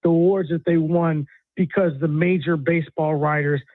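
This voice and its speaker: A man's voice: on the high side, steady tone, moderate pace, no echo. A man calling in to a sports radio show, ranting in a fired-up, exasperated way. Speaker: caller. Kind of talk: heated sports radio call. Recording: tinny phone line.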